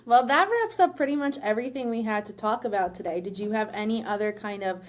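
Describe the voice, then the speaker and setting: A woman's voice: mid-range voice, fast talker. A woman co-hosting a podcast in casual chat, upbeat, steering the talk and prompting her co-host.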